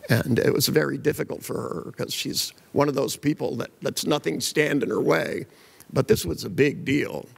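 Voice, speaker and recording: A man's voice: medium pitch, moderate pace, vocal fry, breathy edge, long reverb tail. An older man giving a seminar talk, telling blunt, joking stories and acting out the voices of people in them. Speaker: seminar speaker. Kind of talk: live seminar talk with anecdotes.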